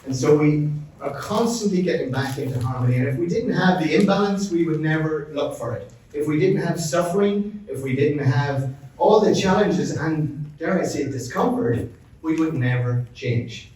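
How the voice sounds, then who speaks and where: A man's voice: a little high, expressive, normal speed, darkish tone, slight background noise. A middle-aged Irish man giving an upbeat live seminar talk, joking with the audience and calling people by name. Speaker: resilience consultant presenting a session. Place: large event room. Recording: very roomy, mic at a distance.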